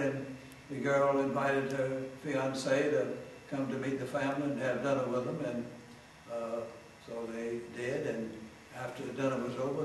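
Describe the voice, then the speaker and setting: A man, an Episcopal priest, telling jokes as a TV guest in a genial, anecdotal way. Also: medium pitch. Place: TV studio. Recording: roomy, distant mic, faint noise.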